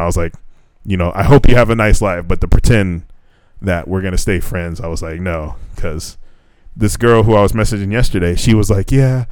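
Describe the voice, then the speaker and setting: A man's voice: lowish voice, clean tone, no echo. A young man on a podcast, casually telling a dating story, swearing freely and acting out the dialogue. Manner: profane, animated retelling with quoted dialogue. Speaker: podcast co-host.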